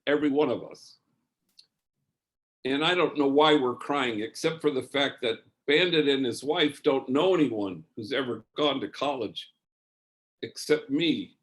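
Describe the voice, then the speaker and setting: A man of middle pitch tells a personal story in a hearing, taking his time. He speaks as a priest would, easy and anecdotal. He often pauses and restarts mid-sentence. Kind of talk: spoken testimony, storytelling.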